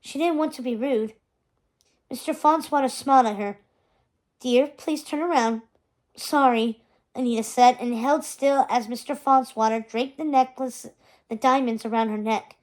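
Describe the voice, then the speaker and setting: A woman reading a chapter book aloud, with gentle, expressive narration. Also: a little high, moderate pace. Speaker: reader. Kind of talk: storybook read-aloud.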